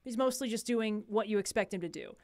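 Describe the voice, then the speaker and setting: A woman's voice: mid-range voice, fairly quick, a little mellow. A young woman co-hosting a casual livestream chat, talkative and laughing often between filler words. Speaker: co-host.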